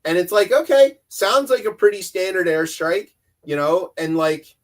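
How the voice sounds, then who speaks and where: A man's voice: high voice, normal speed. A man co-hosting a comedy news podcast, talking in a sarcastic, rambling way. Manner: sarcastic, rambling, does mocking voices. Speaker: podcast co-host.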